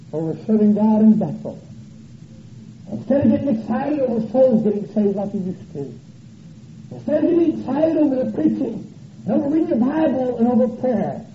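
A man preaches a revival sermon with a very high, strained voice. He is folksy and animated and swings from loud to soft. The sound is an echoey church sanctuary on dull, muffled old tape. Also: a little hiss or hum.

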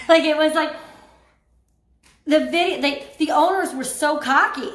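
Animated high-voiced woman reading tarot. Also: a little fast, reverberant. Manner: animated, laughs often, acts out voices. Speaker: tarot reader. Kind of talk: casual spoken tarot reading.

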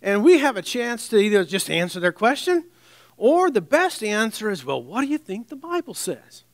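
A man preaching a sermon in a conversational way, with wry asides and restarts, dropping to a soft, low voice on scripture. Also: sing-song, moderate pace, no echo.

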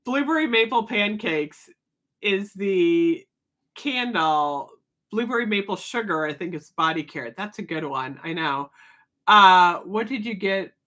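A woman's voice: mid-range voice, animated, unhurried, fairly bright tone. A woman hosting a casual livestream, chatting and replying to viewer comments, often laughing. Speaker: livestream host. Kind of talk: casual live chat.

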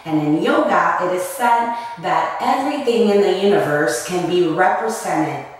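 A woman teaching a children's yoga and movement lesson, telling an animal story in a slow, singsong way. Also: fairly low pitch, lively intonation. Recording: echoey room from a distance.

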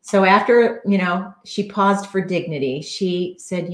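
A woman's voice: on the low side, unhurried, echoey room. A woman coach giving an earnest, conversational solo talk on a live stream, with frequent fillers.

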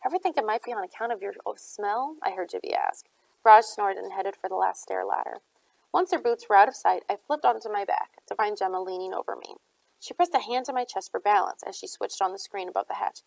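Woman audiobook narrator, steady read, gravelly fry, dry close-miked sound. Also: mid-range voice, a little fast, dry recording, rough recording. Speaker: audiobook reader.

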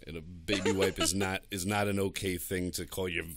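A man's voice: deep voice, flat delivery, fairly quick, fairly bright tone. A man co-hosting a podcast in a studio, talking crudely and boastfully with lots of laughter. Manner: profane, boastful, laughs a lot. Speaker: podcast co-host. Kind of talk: crude casual chat. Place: recording studio.

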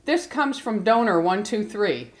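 A woman hosting a relaxed Q&A, reading viewer questions aloud in a brisk, practical way. Her voice sits at a medium pitch for a woman. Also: slight background noise. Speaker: host. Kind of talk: casual Q&A interview.

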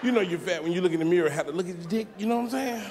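A man doing stand-up comedy on a big theater stage, talking loudly and often shouting his punchlines. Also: high-pitched, lively intonation, racing. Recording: live theater show, loud crowd and noise.

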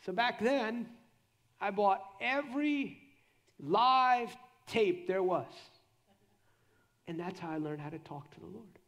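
A middle-aged man preaching at a church conference. His voice sits high and has a gravelly fry to it. He preaches with animation and drops low and quiet when he acts out prayers. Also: lively intonation, slow pace, long pauses, dull audio. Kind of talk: sermon.

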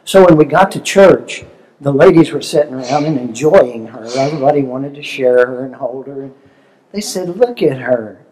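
A man's voice: medium pitch, normal speed, crowd noise, rough recording. An older man speaking as a seminar presenter, telling stories in a conversational way and asking the audience questions. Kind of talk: relationship seminar talk.

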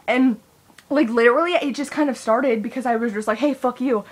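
A young woman talks straight to camera in a loose, rambling vlog. Her voice sits a little high for a woman. She swears freely and leans on fillers as she thinks aloud. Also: fairly quick. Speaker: vlogger.

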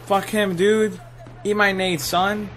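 A young man giving excitable, trash-talking live commentary over his own gameplay, full of gamer slang. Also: sits high, slow pace, faint music behind. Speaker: gaming channel host.

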